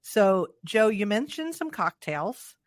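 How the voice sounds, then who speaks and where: A woman's voice: mid-range voice, very animated, slow pace, no echo, clean studio sound. A woman in her forties hosting a podcast, talking in a chatty, joking way with self-deprecating asides. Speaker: podcast host. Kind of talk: casual podcast chat.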